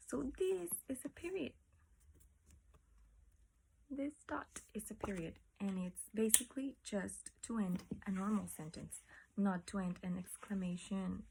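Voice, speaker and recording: A woman's voice: lowish voice, gravelly, a little mellow, slight background noise. A woman teaching a class, explaining patiently and asking her students questions. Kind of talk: classroom lesson.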